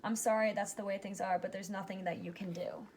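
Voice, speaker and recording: A woman reading a rhyming picture book aloud, giving its characters lively but plain voices. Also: medium pitch, fairly quick, a little hiss or hum. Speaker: reader.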